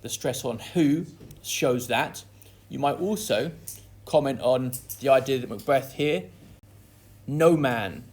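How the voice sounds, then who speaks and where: In a slightly slow, darkish, medium-pitched voice, a man who teaches English literature walks through an analysis of a play, first performing quoted lines with heavy emphasis and then explaining them.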